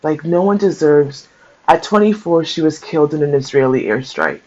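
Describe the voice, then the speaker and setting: A man's voice: fairly high pitch, moderate pace, a little mellow. A man sharing a book aloud, mixing passages he reads with casual, emotional commentary of his own. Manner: conversational, mixes reading aloud with emotional asides. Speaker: book-share host. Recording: dull lo-fi sound.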